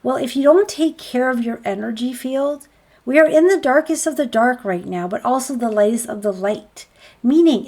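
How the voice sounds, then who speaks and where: A woman talks as a spiritual healer to a group healing call, in a voice pitched a little above the usual. She is earnest and encouraging and often strings rhetorical questions together. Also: darkish tone.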